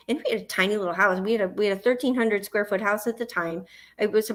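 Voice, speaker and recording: A woman's voice: mid-range voice, fast, fairly bright tone. A woman with a Southern US accent, hosting a livestream and telling a long personal story, acting out her own panic in the quoted parts. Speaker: host.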